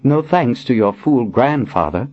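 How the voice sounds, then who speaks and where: A man voicing a dry, sharp-tongued elderly woman who is a retired prelate. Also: mid-range voice, expressive, a little slow, dull audio, voice pushed up.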